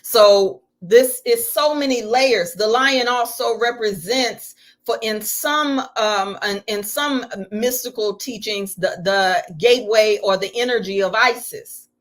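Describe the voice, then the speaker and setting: A woman's voice: fairly high pitch, slow pace. A middle-aged woman teaching on spirituality in a live stream, preacherly and full of rhetorical questions.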